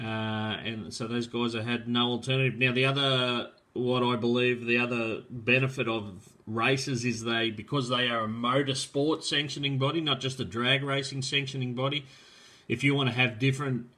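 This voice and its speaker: Male host, casual live-stream chat, rambling and friendly, bright tone. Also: medium pitch. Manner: rambling, filler-heavy, friendly, calls people mate. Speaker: host of a live drag racing show.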